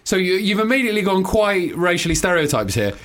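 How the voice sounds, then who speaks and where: A man's voice: high voice, very animated, quick pace, fairly bright tone. A man from England co-hosting a casual comedy chat, teasing and laughing often. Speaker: podcast co-host.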